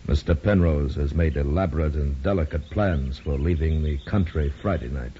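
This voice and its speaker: A man's voice: very deep voice, moderate pace. A man playing a commanding communist spy chief in an old radio drama, giving curt, clipped orders. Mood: stern. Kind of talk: 1950s radio drama acting. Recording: dull lo-fi old radio recording with faint hiss.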